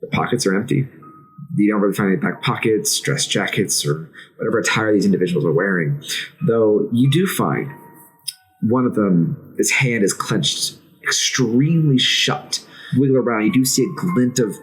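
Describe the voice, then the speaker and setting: A man narrating a tabletop role-playing game as game master, in a measured, descriptive way. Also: fairly low pitch, expressive, poor audio.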